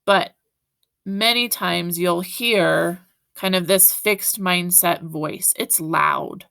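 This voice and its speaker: A woman teacher talks straight to her students in a recorded lesson, coaxing and encouraging them along. Her voice sits low, with a gravelly, creaky edge and a bright, forceful tone. The sound is close and dry, with no room around it. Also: slow, dry recording. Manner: encouraging, talks directly to students with frequent "right?".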